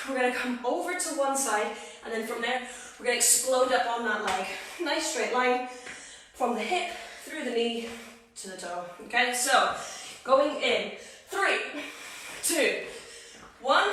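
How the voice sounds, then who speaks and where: A woman's voice: on the high side, animated, a little slow, pushed and bright, slight background noise. A woman fitness coach giving upbeat workout cues and counting down reps, recorded at home. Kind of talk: live workout instruction. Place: home room. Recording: echoey room, far from mic.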